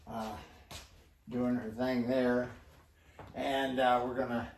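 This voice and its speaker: An older man, a singer-songwriter, introducing his daily song in a slow, plain-spoken and earnest way. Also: mid-range voice, darkish tone. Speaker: singer-songwriter and shelter founder. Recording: echoey room with guitar. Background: acoustic guitar.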